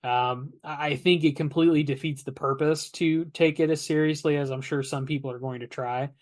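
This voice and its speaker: A man, his voice sitting a little high, talks loosely on a podcast. He rambles, circles back and restarts his sentences as he goes. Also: fairly even intonation, brisk. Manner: rambling, many fillers and restarts. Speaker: podcast co-host. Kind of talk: casual podcast chat.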